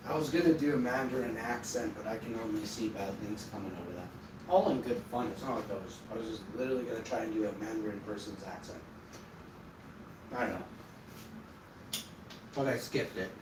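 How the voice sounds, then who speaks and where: A man talks loosely and bluntly, drifting from one thought to the next with offhand swearing. He sits well back from the mic in an echoey room, with steady noise behind him. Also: on the low side, fairly quick, long pauses. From Manitoba, Canada. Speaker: vlogger. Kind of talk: casual rambling monologue to camera. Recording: roomy, distant mic, noisy background.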